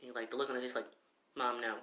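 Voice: mid-range voice, level tone, very fast, a bit bright, a little hiss or hum. A fan casually retelling an anime episode in a rambling way, full of fillers like "you know" and "like". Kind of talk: casual spoken recap. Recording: roomy echo.

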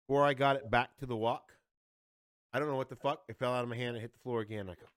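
A man's voice: mid-range voice, fairly even intonation, fast talker, clean tone, dry recording, studio quality. A man in his forties telling a story in casual podcast chat, swearing a lot and growing heated. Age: 40s. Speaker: podcast co-host.

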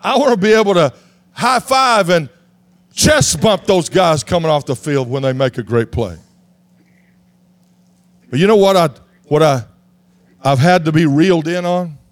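A man from Texas, preaching a sermon in an animated way that rises to shouts. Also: on the high side, measured pace, pauses often, no room sound. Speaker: pastor.

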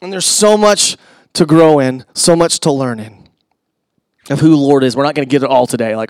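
At a moderate pace and medium pitch, a middle-aged pastor delivers a sermon in a conversational manner, with asides to his listeners. He moves from loud emphasis to near-whispers, and the recording has no echo.

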